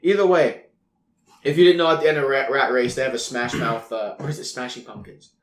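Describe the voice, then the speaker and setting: A man in his twenties co-hosting a casual podcast chat, animated and swearing freely. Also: medium pitch, brisk. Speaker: podcast co-host. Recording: echoey room.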